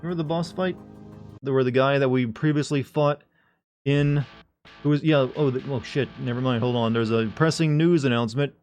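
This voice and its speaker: A man's voice: mid-range voice, brisk, a little mellow, lo-fi sound, soft background music. A man chatting casually to his live-stream audience, joking and rambling with frequent restarts. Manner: joking, rambling, talks to chat.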